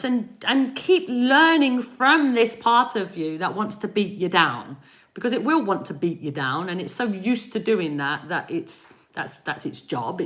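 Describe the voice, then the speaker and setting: Bright-voiced woman giving spirited readings. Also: a little high. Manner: animated and encouraging, laughs often; speaks directly to chat viewers. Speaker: energy healer giving live readings. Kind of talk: live-stream spiritual reading to viewers.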